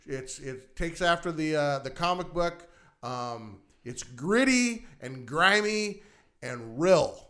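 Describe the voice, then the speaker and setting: Rambling man with a fairly high voice. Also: lively intonation, pushed and bright. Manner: rambling, halting, many fillers and restarts. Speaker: podcast co-host. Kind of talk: casual chat reviewing shows.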